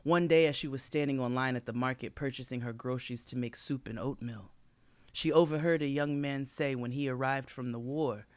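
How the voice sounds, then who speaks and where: A man's voice: medium pitch, a little fast, clean tone, no room sound. Mock-solemn man telling a tall tale. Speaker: podcast co-host. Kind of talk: comic tall-tale storytelling.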